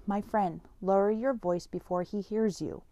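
A woman reading the part of a mysterious hidden voice that speaks softly, formally and probingly. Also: medium pitch, fairly even intonation, unhurried, no echo, lightly acted. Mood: hushed.

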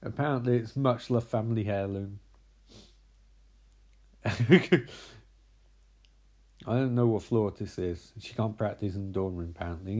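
A man's voice: medium pitch, unhurried, long pauses, darkish tone. A man giving a sarcastic, profane, rambling comedic recap of a movie. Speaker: movie reviewer.

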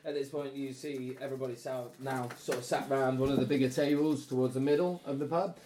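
A man narrating as game master, relaxed and chatty, often laughing. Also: mid-range voice, fairly quick, roomy sound, noisy background.

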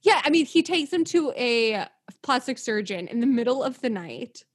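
Young woman, raised pitch, husky voice; casual film-podcast banter, giggly and sarcastic. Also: very animated, normal speed. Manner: laughing often, filler-heavy, sarcastic. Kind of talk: casual movie review chat.

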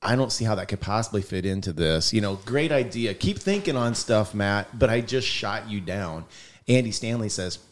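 Low-voiced man in casual leadership chat. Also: lively intonation, normal speed. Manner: conversational, quotes others in a livelier voice. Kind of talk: casual conversation about leadership.

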